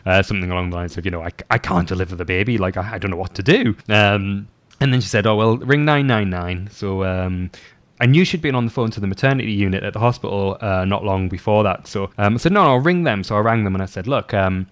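A man's voice: on the low side, fast talker, clean tone. A young man telling a story in casual podcast chat, rambling and laughing often as he acts out quoted voices. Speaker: podcast guest.

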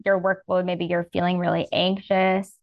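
A woman's voice: fairly low pitch, level tone, normal speed, vocal fry, no echo, dull audio. A woman coaching listeners through a breathing practice in a soothing, earnest way, often saying "like". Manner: soothing, earnest, filler-heavy with "like". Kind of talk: guiding a breathing practice in casual talk.

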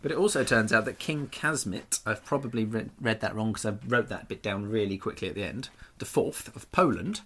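A man's voice: lowish voice, brisk, a little hiss or hum. A man co-hosting a chatty podcast, joking and riffing animatedly with his co-host. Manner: animated and jokey. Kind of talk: casual chat.

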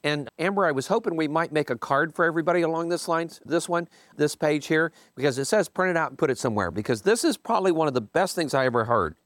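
A man, leading a team meeting and commenting casually on a book, emphatic and animated, jumping high in pitch to stress points. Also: quick pace, few pauses, dry recording, studio quality.

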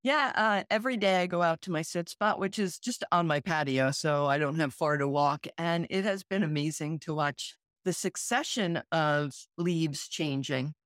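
A woman's voice: low voice, normal speed, hardly any pauses, no room sound, clean studio sound. A woman co-hosting a podcast, talking in a thoughtful, reflective way in casual conversation. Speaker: podcast co-host, yoga and meditation teacher.

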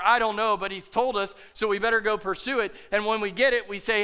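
Bright-voiced, passionate male pastor preaching. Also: high-pitched, fairly even intonation, a little fast, few pauses, clean tone. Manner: passionate, preaching with rising intensity. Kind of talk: sermon.

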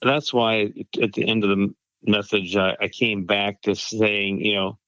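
Male pastor, reflective and thinking aloud, lowish voice, dull muffled recording. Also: flat delivery, unhurried, sharp tone, no echo. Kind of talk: casual conversation.

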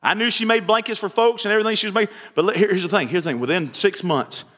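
High-voiced preacher in a reverberant sanctuary. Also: male voice, quick pace, few pauses. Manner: animated storytelling, repeats phrases, shouts for emphasis. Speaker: pastor. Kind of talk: sermon. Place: church sanctuary. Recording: long hall reverb from the sanctuary.

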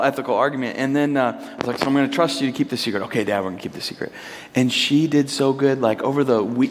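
A pastor in his thirties talks through a personal story from the pulpit, loose and conversational, full of ums and false starts. His voice sits at an ordinary male pitch. It rings with the long reverb of a large church hall. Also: a little hiss or hum. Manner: casual, rambling, with many fillers and restarts. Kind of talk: storytelling sermon. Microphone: microphone.

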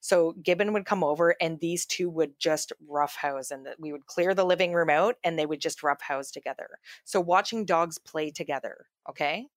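Low-voiced chatty woman. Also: normal speed, few pauses, dry recording, clean studio sound. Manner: chatty storytelling with many fillers and restarts. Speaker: podcast co-host. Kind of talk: casual chat.

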